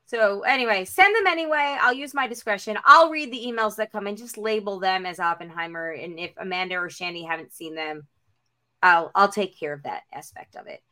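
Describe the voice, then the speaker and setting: A woman hosting a casual podcast, upbeat and quick to laugh as she wraps up the episode. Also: mid-range voice, pushed and bright. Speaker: podcast host.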